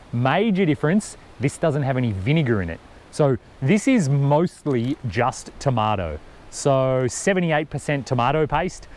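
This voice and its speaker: Chatty man vlogging outdoors. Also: mid-range voice. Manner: chatty, upbeat, explaining with enthusiasm. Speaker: travel vlogger. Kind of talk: casual vlog talk to camera. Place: outdoors at a campsite and a windy picnic table.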